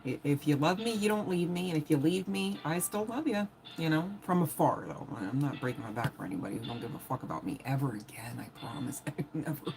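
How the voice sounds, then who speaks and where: A woman's voice: deep voice, lively intonation, quick pace, gravelly, few pauses, background noise. A woman giving a casual live-stream tarot reading. She is chatty and blunt, swears often, and laughs as she talks straight to her viewers. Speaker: tarot reader.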